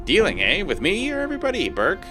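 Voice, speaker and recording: A man's voice: high voice, huge pitch swings, fast, music in the background, pitched above the performer's own voice. A man voicing a short, filthy, wheezing man who is suspicious of strangers.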